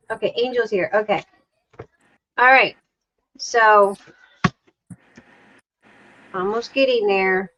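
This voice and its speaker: A woman's voice: medium pitch, takes it slowly, long pauses, fairly bright tone, highs cut off, slight background noise. A woman hosting a casual craft livestream, chatting and rambling as she works, often breaking off mid-sentence. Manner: chatty, rambling, self-interrupting.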